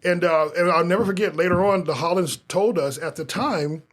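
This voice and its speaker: A man's voice: high-pitched, brisk. A man in his fifties from Omaha, a pastor earnestly telling his life story as a guest, with frequent restarts. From Omaha, Nebraska. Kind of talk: personal testimony in a podcast interview.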